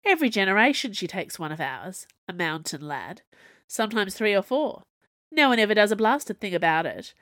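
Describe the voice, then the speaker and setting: A woman's voice: medium pitch, big pitch swings, moderate pace, fairly bright tone, no echo, studio quality. A woman voicing a burly young mountain villager who speaks aggressively and bluntly.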